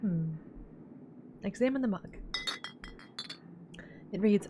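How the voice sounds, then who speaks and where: A woman's voice: medium pitch, moderate pace, long pauses, noisy background. A woman reading out a horror visual novel and chatting about her choices as she plays. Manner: chatty, reads narration then comments with laughs. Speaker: let's play gamer voicing a visual novel.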